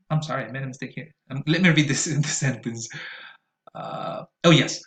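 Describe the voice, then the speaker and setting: Male pronunciation teacher, deliberate and exaggerated in his delivery, mid-pitched voice, roomy echo. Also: fairly even intonation, a bit bright. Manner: slow, deliberate, exaggerated vowel modeling with frequent fillers. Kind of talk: recorded pronunciation lesson.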